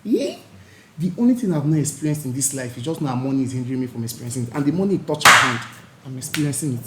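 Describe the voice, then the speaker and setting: A man's voice: mid-range voice, lively intonation, fast talker. A man guesting on a podcast, talking boldly and playfully with emphatic self-assurance. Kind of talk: casual podcast chat. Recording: echoey room with faint noise.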